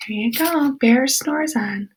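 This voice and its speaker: A woman teacher reading a picture book aloud to children, expressive, with whispered asides. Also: high-pitched, takes it slowly, very noisy.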